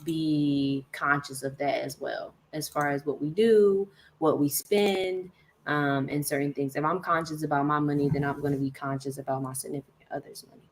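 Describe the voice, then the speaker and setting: A woman speaks as a guest in a casual livestream chat, earnest and conversational. Her voice is notably low for a woman. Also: fairly even intonation, normal speed, a little hiss or hum, low-quality recording. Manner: earnest, conversational, laughs often.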